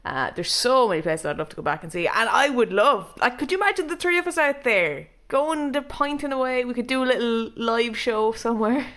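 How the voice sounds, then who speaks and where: A woman's voice: fairly high pitch, animated, a little fast, few pauses, a bit bright. An Irish woman co-hosting a podcast, telling stories in casual chat and laughing often. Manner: chatty storyteller, laughs often. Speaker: podcast co-host.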